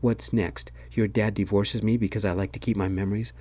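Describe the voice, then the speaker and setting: A man voicing a bitter, angry middle-aged mother in a soft-spoken whispered role-play. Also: on the low side, steady tone, brisk, lightly acted.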